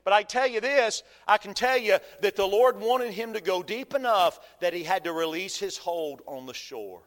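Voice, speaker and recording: A man preaching a sermon as pastor, folksy and animated, with humor and rhetorical questions to the congregation. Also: high-pitched, normal speed, in a large hall.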